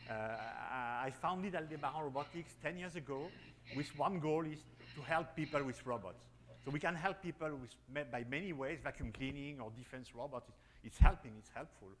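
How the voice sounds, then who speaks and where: A man with a strong French accent speaks on a panel, searching for English words and repeating himself as he goes. His voice sits a little high for a man. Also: normal speed, fairly bright tone, slight background noise. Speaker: robotics company founder on a panel. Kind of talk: panel talk.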